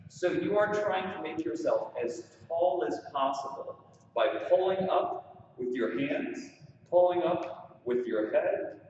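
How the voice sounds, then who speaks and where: In a studio with large windows, a dance instructor leads follow-along waltz drills, counting beats aloud as he dances and encouraging viewers. His voice is fairly high, lively in intonation, slow and darkish. The room echoes, he's far from the mic, the sound is dull, and there's slight background noise.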